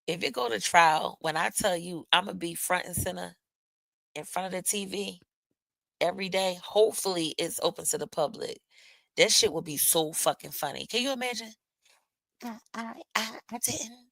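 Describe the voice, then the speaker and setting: A woman's voice: fairly low pitch, vocal fry, a bit bright, dry recording, rough recording. A woman hosting a live stream, chatting casually with viewers in a loose, profane way with laughing asides. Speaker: livestream host.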